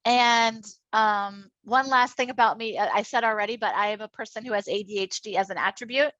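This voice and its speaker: A middle-aged woman from Minnesota leading an online workshop on inclusive education, enthusiastic and chatty with quick asides. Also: fairly high pitch, steady tone, a bit bright, dry recording, muffled recording. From Minnesota, United States. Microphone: computer mic on a video call.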